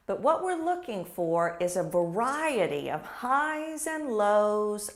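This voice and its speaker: A woman lecturing on speaking technique, demonstrating her points out loud. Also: mid-range voice, big pitch swings, slow, few pauses. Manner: demonstrative, acting out examples. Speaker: instructor. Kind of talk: lecture to camera.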